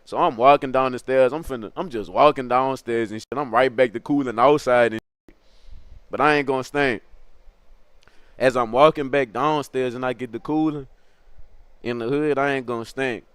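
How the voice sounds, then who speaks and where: A young man telling a comic story from his youth, animated, laughing often, with crude slang. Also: medium pitch, clear, resonant tone, no echo.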